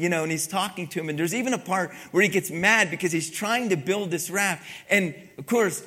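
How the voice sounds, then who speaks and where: A man preaching a sermon, telling a story in a loose, rambling way and swinging from quiet asides to loud, excited retellings. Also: high-pitched, moderate pace. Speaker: pastor.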